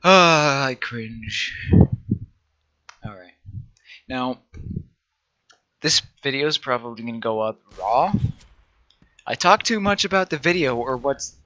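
A man's voice: mid-range voice, expressive, slow pace, pauses often, bright, forceful tone, lo-fi sound. A man giving rambling, self-deprecating let's play commentary, often talking to himself. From United States. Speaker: gaming channel host.

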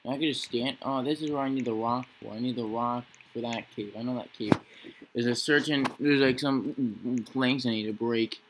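Steady in tone and moderate in pace, this mid-range male voice belongs to a young gaming channel host chatting to himself over a horror game. He wanders from thought to thought, joking and putting on a scared act. A faint hiss or hum can be heard.

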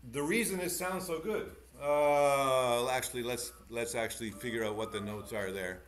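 A man teaching piano in an online masterclass. He is animated and encouraging, demonstrating as he goes and giving quick corrections. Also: medium pitch. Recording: echoey room with piano playing.

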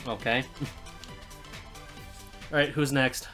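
Man, live game streamer, bright tone, mid pitch, chatty, laughs a lot. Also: moderate pace, pauses often, faint music behind. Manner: chatty, laughs often, jokes with chat. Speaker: let's play streamer. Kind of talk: live gameplay commentary.

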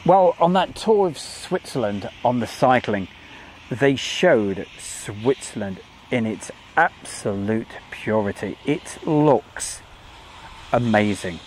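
A man's voice: mid-range voice, lively intonation, slow, slight background noise. A man from the UK hosting a live airfield stream outdoors, chatting casually and rambling as he reads out viewer comments.

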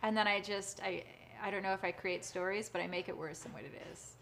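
A woman's voice: medium pitch, steady tone, a little fast, vocal fry, fairly bright tone, a little hiss or hum. A woman hosting a live stream, chatting casually in a bubbly way, laughing often and trailing off mid-sentence. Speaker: livestream host and actress.

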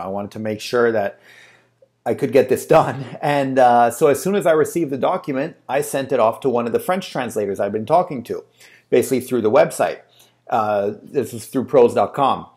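A man talks straight to his camera in a loose, chatty way, telling a story from his working life. He leans on fillers and restarts as he goes. His voice sits at an ordinary middle pitch. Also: darkish tone. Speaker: translator and agency owner. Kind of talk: casual talk to camera.

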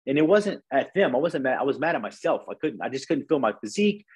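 A man's voice: medium pitch, big pitch swings, quick pace, husky, low-quality recording. A man in his thirties, a podcast guest, telling his story candidly and emotionally, often tagging on "right?" and swearing casually.

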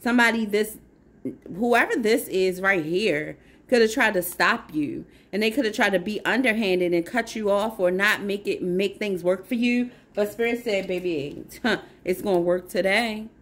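A woman's voice: mid-range voice, moderate pace, a bit bright. A woman with a mid-range voice gives a casual spiritual tarot reading. She sounds effusive and encouraging, and she often repeats a phrase to drive it home. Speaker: tarot reader.

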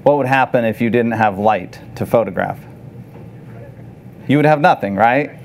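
A man teaching photography to a live audience, conversational and animated, often asking the room questions. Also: mid-range voice, moderate pace, slight background noise. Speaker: photography instructor. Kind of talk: live workshop lecture.

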